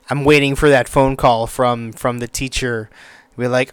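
A young man rambles through a solo podcast episode in an easygoing, unscripted way, full of fillers and restarts. His voice is smooth and resonant, at a middling pitch. The recording is close and dry. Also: flat delivery, a little slow, fairly bright tone, dry recording. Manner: rambling, many fillers and restarts, casual swearing. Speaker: podcast host. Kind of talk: casual solo podcast talk.

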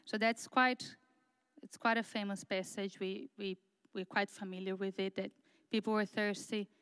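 A woman delivers a church sermon in a very smooth, resonant voice with a dry, close sound. She speaks earnestly and haltingly, often repeating words and pausing on fillers before pressing on. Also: mid-range voice, fairly even intonation, fairly bright tone, no room sound, rough recording. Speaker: preacher.

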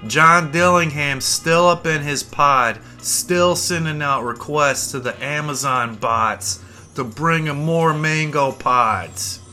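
Bright-voiced man ranting profanely. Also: a little high, slow pace, faint music behind. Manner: profane, rambling, mock-boastful. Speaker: podcast host. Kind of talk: comedic rant monologue.

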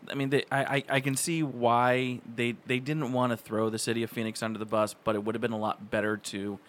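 A man's voice: mid-range voice, little pitch movement, a little fast, a little hiss or hum. Stammering man in casual chat. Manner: stammering, agreeable.

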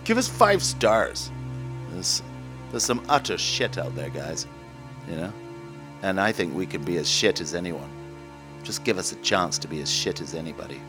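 A man's voice: deep voice, moderate pace, long pauses, music in the background. A man hosting a podcast who makes a scatterbrained, cheeky plug for the show. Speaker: podcast host.

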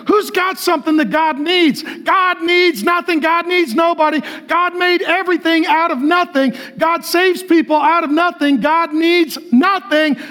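A middle-aged man preaching to a large congregation, excitable and joking, often yelling as he talks. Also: extremely high pitch, measured pace, few pauses. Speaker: pastor. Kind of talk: energetic shouted sermon. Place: large church auditorium with a live congregation.

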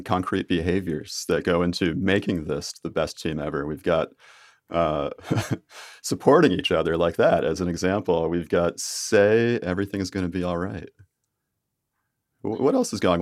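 A man with a low voice hosts a casual interview. He speaks conversationally and restarts halfway through his questions, recorded dry and close. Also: moderate pace, no room sound.

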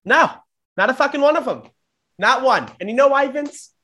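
A man's voice: very high-pitched, expressive, normal speed, pushed and bright. Guy host cussing out everybody, bitter rant, voice jumps all over. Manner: profane, bitter ranting. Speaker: show host. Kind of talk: ranting comedy sketch.

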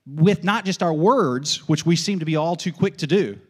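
A man preaching a sermon as pastor, emphatic and folksy, repeating questions and answers in a steady call-and-response rhythm. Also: on the high side, moderate pace, slightly rough. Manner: folksy asides with light laughs.

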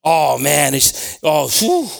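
A man preaching a sermon to his congregation, moving between quiet prayer, personal stories told with acted asides, and loud, shouted preaching. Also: mid-range voice, normal speed, vocal fry, slightly rough. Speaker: pastor.

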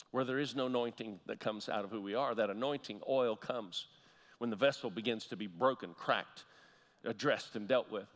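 Male pastor preaching in a reverberant hall. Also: medium pitch. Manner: storytelling, repeats key phrases slowly for emphasis. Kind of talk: sermon.

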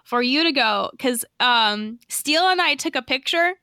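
A young woman chats on a podcast, bubbly and rambling, with lots of "like" in her speech. Her voice sits a bit high, bright and crisp. The sound is close and dry. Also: animated, moderate pace, dry recording. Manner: chatty, bubbly storytelling full of fillers. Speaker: podcast co-host. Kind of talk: casual chat.

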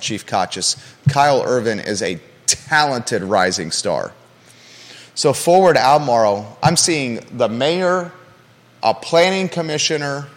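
Passionate guy hosting a live talk show, punchy and repetitive, mid pitch, long echo in the studio. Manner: passionate, emphatic, repeats key phrases.

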